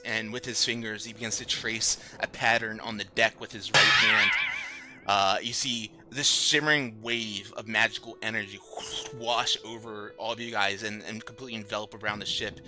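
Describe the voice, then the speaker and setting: A man's voice: fairly low pitch, fairly even intonation, moderate pace, music in the background. A man narrating a tabletop game as dungeon master, casual with many fillers.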